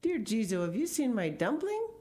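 A woman voicing a carefree little woman in a storybook who giggles in high titters. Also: sing-song, normal speed, mellow. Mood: giggly.

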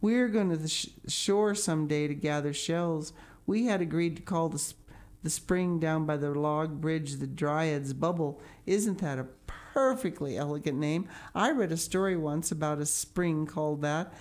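A woman's voice: deep voice, moderate pace, darkish tone, lightly acted. A gushing, wide-eyed orphan girl who tumbles over her words, as a woman reading the book puts her on. She sounds breathless and dreamy, a chatterbox in a storybook reading.

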